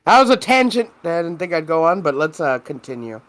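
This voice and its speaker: A man's voice: fairly high pitch, very animated, fast talker, fairly bright tone, soft background music. A man co-hosting a podcast in casual chat, telling long rambling stories with lots of swearing and fillers. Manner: rambling, profane storytelling full of fillers. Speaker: podcast co-host.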